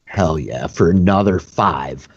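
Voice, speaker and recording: Casting note: young male dungeon master, husky and fairly low voice, laid-back rule explanations, dull lo-fi call audio. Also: a little slow. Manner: relaxed, filler-heavy explaining of rules. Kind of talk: narrating a tabletop game.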